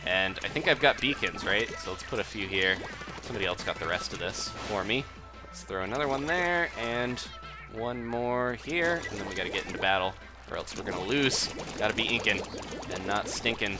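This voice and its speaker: A man's voice: fairly low pitch, expressive, fairly quick. A man giving chatty live commentary while playing a game, laughing often and reading viewer messages aloud. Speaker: game streamer. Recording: game music behind voice. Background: game music.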